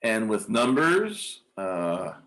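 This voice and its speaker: Slow, low-voiced man chanting rhythm syllables. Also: big pitch swings, fairly bright tone. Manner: hesitant, many ums and uhs. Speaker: music teacher. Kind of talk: conference workshop demonstration.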